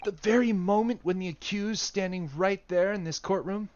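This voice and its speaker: A man's voice: a little high, very animated, highs cut off, noisy background. Man doing a sneering haughty prosecutor. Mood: grave. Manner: dramatic, sneering, drawn-out courtroom delivery. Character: stern haughty male prosecutor in a courtroom game.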